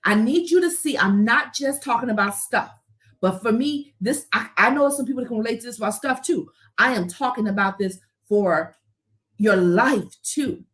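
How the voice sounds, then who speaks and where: A woman's voice: fairly high pitch, normal speed. A woman hosting a live talk, speaking earnestly and encouragingly to listeners, emotional and close to tears. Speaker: podcast host.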